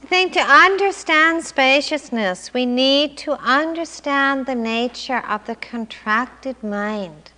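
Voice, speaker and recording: A woman meditation teacher giving a calm, reflective dharma talk. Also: on the high side, big-room sound. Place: meditation hall.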